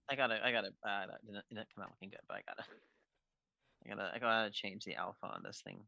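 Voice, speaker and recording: A man's voice: fairly low pitch, fast talker, gravelly, sharp tone, slight background noise. A man co-hosting a live stream while drawing, talking casually and laid-back, trailing off mid-thought. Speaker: co-host and artist drawing live.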